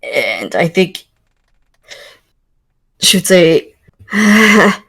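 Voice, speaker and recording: Slow, hesitant woman role-playing. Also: mid-range voice, animated, low-quality recording. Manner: hesitant, lots of fillers and laughter. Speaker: player. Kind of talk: tabletop role-play, mixing in-character talk and chat.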